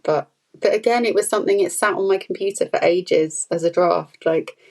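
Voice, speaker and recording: Woman, low gravelly tone, relaxed rambling chat. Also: moderate pace, rough recording. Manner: chatty, rambling, with frequent fillers and laughs. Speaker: podcast guest, food photographer. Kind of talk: casual conversational interview.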